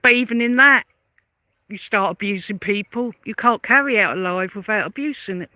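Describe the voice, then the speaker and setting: A woman's voice: mid-range voice, normal speed, pushed and bright, no echo. A woman delivering a confrontational, sarcastic rebuttal rant as a vlogger, firing repeated pointed questions. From London. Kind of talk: angry rebuttal rant to camera.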